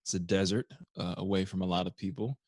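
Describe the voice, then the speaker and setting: A man's voice: low-pitched, fast talker, darkish tone, no echo, clean studio sound. A man hosting a podcast from his bedroom, chatting casually in a loose, profane, joking way. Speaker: podcast host. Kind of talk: casual chat.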